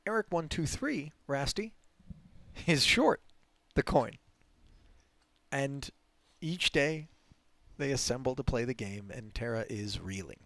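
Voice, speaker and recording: Animated gravelly man calling poker. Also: mid-range voice, slow, dry recording. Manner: animated storyteller, laughs through anecdotes. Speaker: poker commentator. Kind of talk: live poker commentary and storytelling.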